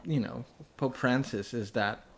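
A man in a relaxed podcast chat, with a mid-range voice. He tells stories chattily and laughs between phrases. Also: medium pitch, a little slow, noisy background. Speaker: podcast co-host. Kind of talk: casual chat.

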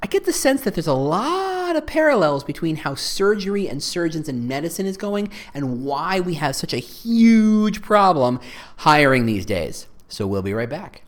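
A male podcast host delivering a solo monologue, his pitch leaping around in a very lively way. He rambles through his points with self-mocking asides. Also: moderate pace, slight background noise.

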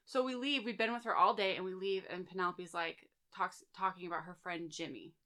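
A woman in her thirties talks through personal stories in a relaxed chat. Her voice sits a little low but carries a bright, forward tone. She fills her sentences with "like" and "um.". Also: a little fast. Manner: chatty, lots of fillers and "like". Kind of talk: casual storytelling chat.

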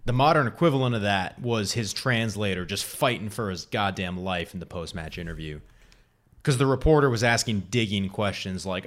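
A young man with a lowish voice co-hosts a laid-back sports chat. He tells stories with a joking edge and laughs often as he talks. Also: moderate pace. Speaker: podcast co-host.

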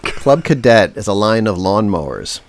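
A man co-hosting a comedy podcast, setting up jokes in a wry way and stammering when he gets excited. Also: fairly low pitch, moderate pace. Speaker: podcast co-host. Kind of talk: comedic casual chat.

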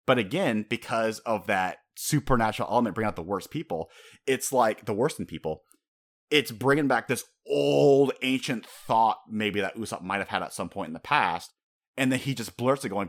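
A man with a fairly low voice talks through an animated film in a loose, casual review. His delivery is rambling and animated, and it is packed with "like" fillers. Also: normal speed. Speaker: podcast host reviewing an anime film.

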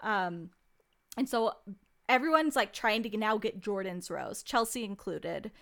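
A woman's voice: medium pitch, lively intonation, a little slow, vocal fry, a bit bright. A young woman in casual chat, recapping a reality show with lots of "like" and "um" and free swearing. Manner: chatty, swears freely, lots of "like" and "um".

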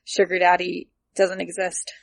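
A woman's voice: fairly low pitch, completely flat delivery, unhurried, vocal fry. A woman co-hosting a podcast in casual chat, playful and speculative. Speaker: podcast co-host.

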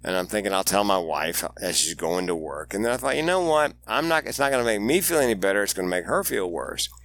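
A man's voice: fairly low pitch, sing-song, fast talker, fairly bright tone. A man speaking as a guest on an interview podcast, telling candid stories with dry humor. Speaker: guest, suicide prevention speaker.

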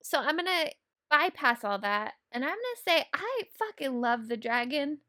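A woman in a casual movie discussion, animated, laughing often and swearing freely. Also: sits high, moderate pace.

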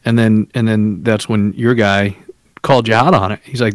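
A man's voice: fairly low pitch, fairly even intonation, normal speed, no room sound, studio quality. A man from the Northeast US co-hosting a podcast, talking casually in a rambling, self-mocking way and swearing freely. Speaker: podcast co-host. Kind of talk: casual chat.

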